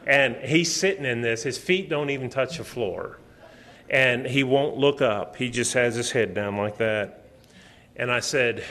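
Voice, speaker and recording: A man's voice: medium pitch, measured pace. A middle-aged man preaching a sermon in a lecture hall, telling a personal story and acting out the quotes with a raised voice. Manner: animated storytelling, acts out quotes loudly.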